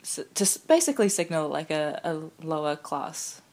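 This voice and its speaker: A thoughtful woman from New Zealand in easy conversation. Her voice is notably deep for a woman. She works her ideas out aloud with ums and restarts. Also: sing-song, moderate pace, darkish tone. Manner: thoughtful, reflective, with fillers. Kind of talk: casual conversation.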